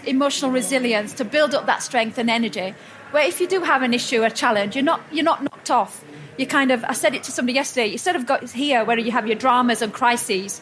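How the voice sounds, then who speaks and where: In an event hall full of people, a woman with a high voice speaks at a personal growth expo, telling warm stories and often correcting herself mid-sentence. A faint hiss or hum sits under the recording.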